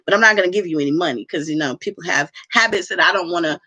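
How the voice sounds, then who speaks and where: A vlogger speaks candidly and at length to her viewers from indoors at home, in a rambling, heartfelt casual monologue. Her fairly low voice races along, sounding pushed and bright.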